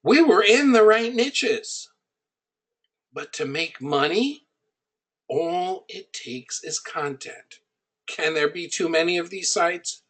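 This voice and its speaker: A middle-aged man with a fairly high voice gives a teaching talk about online business. He tells his points through personal stories at an unhurried, measured pace. He leans hard on the lines that matter. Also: lively intonation, fairly bright tone. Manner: conversational, anecdotal, emphatic on key points.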